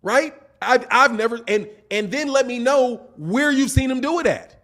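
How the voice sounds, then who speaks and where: Male stream host with a high voice, argumentative, fond of rhetorical questions. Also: moderate pace. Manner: animated, argumentative, asks repeated rhetorical questions. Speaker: boxing channel host. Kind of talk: live-stream commentary, reading viewer chats.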